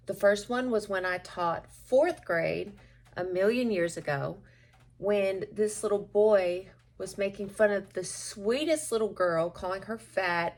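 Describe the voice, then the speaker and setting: A woman teacher chatting at home while getting ready, rambling and self-deprecating with occasional laughs. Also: mid-range voice. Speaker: schoolteacher. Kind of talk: casual get-ready-with-me chat.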